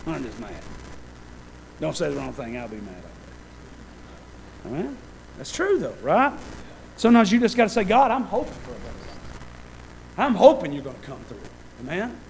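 Fervent high-voiced preacher man. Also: very animated, brisk, pauses often, slightly rough, low-quality recording. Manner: fervent, building to loud shouted peaks; conversational, self-deprecating asides with laughter. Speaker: pastor. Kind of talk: sermon.

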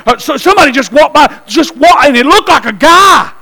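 A man preaching a sermon to a church, telling a story with lively asides and calls to the congregation. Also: very high-pitched, fast, hardly any pauses, low-quality recording. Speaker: pastor.

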